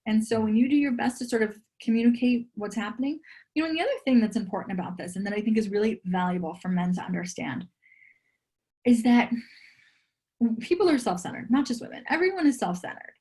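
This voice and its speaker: Woman in her 30s, dating coach on a podcast, kinda high voice, chatty and earnest, says like a lot. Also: expressive, fast, warm tone. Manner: chatty, earnest, peppers speech with "like". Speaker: relationship and dating coach, guest. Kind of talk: casual podcast interview.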